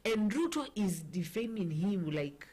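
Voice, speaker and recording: A woman with a Kenyan accent hosts a casual talk show about politics. She is chatty and playful and flips between languages mid-sentence. Her voice sits at an everyday middle pitch. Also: lively intonation, unhurried, warm tone, husky.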